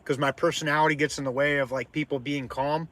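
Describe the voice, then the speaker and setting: Man, artist livestream host, casual rambling chat, loud, slightly high voice. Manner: rambling, full of fillers and restarts; loud-mouthed, self-described. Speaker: artist hosting a live stream. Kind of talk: casual live-stream chat.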